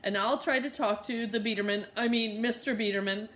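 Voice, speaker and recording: A woman voicing a cheerful father who talks in a hearty, upbeat way, with her voice raised rather than lowered. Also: steady tone, a little fast, fairly bright tone, a little hiss or hum, lightly acted. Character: cheerful, booming dad.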